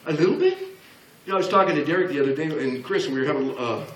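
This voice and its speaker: At medium pitch and a racing pace, a man in his sixties with a slightly bright tone gives a blunt, humorous motivational business talk, acting out quoted voices. A little hiss or hum sits under the audio, recorded in an echoey large hall before an audience, far from the mic.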